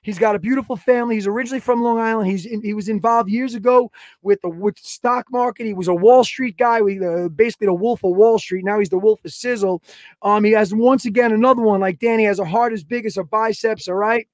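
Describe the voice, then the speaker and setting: This man hosts a podcast and speaks in a notably high voice. He rambles through long stories and acts out the people and sounds in them. The sound is dry and close. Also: fast talker, no echo. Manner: animated, acts out quoted voices and sound effects. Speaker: podcast host. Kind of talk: casual podcast storytelling.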